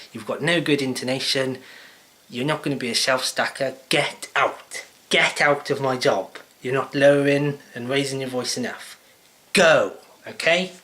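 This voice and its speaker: A man mocking up a shouty scolding job interviewer. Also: mid-range voice, voice pushed up. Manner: shouty, scolding, mock-pompous. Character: blustering angry male job interviewer.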